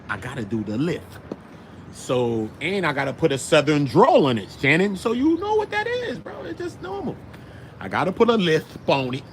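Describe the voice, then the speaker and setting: A young man from Brooklyn with a New York accent, hosting a casual commentary show in an animated, slangy, riffing way. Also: mid-range voice, noisy background. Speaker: show host.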